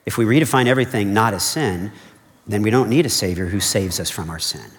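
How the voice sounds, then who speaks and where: With a fairly low pitch and a brisk pace, a man preaches as pastor in an earnest, conversational manner. He repeats his key points and checks in with "okay?" while the recording rings with the long reverb of a large hall.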